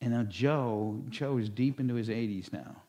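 A man's voice: mid-range voice, moderate pace, warm tone. A male pastor preaching a sermon in a conversational storytelling way, with asides to the congregation and acted-out quotes.

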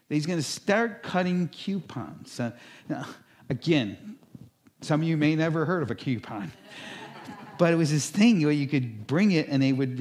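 Male pastor, sermon, chatty storytelling, asides to the congregation, somewhat high-pitched. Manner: conversational storytelling, with lively acted-out quotes.

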